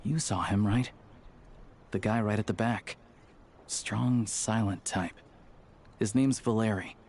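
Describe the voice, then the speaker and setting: A chill game sidekick who knows stuff, lowish voice. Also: male voice, slow. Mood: informative. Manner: relaxed, informative. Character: well-informed, easygoing male companion. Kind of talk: game cutscene dialogue.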